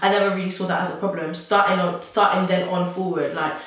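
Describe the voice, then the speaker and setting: A woman's voice: lowish voice, steady tone, fast talker, fairly bright tone. Rambling young woman, very echoey. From South London. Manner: chatty and rambling, heavy use of "like", with nervous laughs. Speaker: vlogger. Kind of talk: personal storytelling to camera. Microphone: camera mic. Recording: very echoey room.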